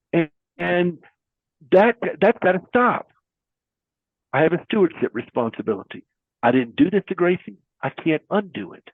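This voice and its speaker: A man's voice: mid-range voice, no echo, narrow, tinny audio. Earnest man on a phone-thin line. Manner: earnest, preacherly, uses folksy metaphors. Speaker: guest caregiver advocate. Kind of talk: conversational interview.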